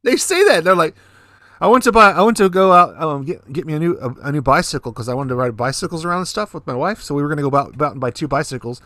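A man's voice: fairly high pitch, animated, racing, hardly any pauses, fairly bright tone, no room sound, studio quality. A man co-hosting a podcast, telling casual stories in a laid-back, profane way. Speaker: podcast co-host. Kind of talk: casual chat. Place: Fukuoka, Japan.

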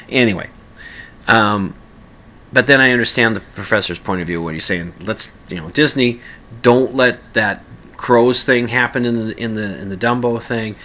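A man's voice: on the low side, pushed and bright. A man hosting a podcast, talking casually in a rambling way with frequent restarts. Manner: rambling, with many restarts and sung mock lyrics. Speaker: podcast host. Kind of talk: casual monologue.

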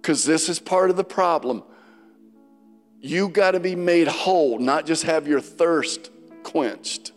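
A pastor preaching in a big sanctuary, his high voice ringing with a long reverb tail. He moves slowly and deliberately, with soft music faintly underneath, rising to loud declarations and dropping to hushed scripture quotes. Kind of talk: sermon. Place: church sanctuary.

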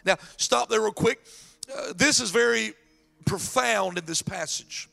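A man delivers a lively sermon in a high, strongly gravelly voice with a bright, tense edge. He preaches with animation and slips into acted voices for the figures in the story. Faint music plays beneath him. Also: measured pace. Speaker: pastor.

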